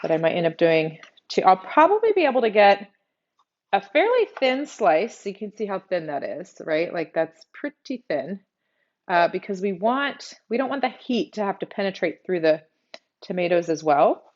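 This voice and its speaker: A woman's voice: medium pitch, sing-song, normal speed, a little mellow, lo-fi sound. Chatty Texan woman cooking live. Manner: casual, chatty, thinks aloud while working. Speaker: cooking show host. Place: home kitchen.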